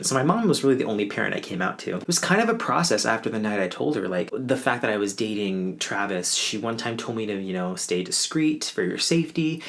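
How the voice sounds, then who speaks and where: A man's voice: fairly low pitch, vocal fry, a bit bright. A man in his twenties telling a personal story in a casual, wry, offhand way, mocking himself now and then. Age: 20s. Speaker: vlogger.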